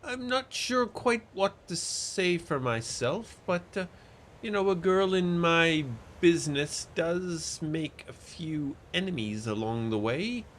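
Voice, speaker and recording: A man's voice: on the high side, animated, slow pace, fairly bright tone, slight background noise, voice pushed up. A man voicing a nervous, refined young woman who speaks politely and hesitantly in a tabletop game. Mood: uneasy, polite.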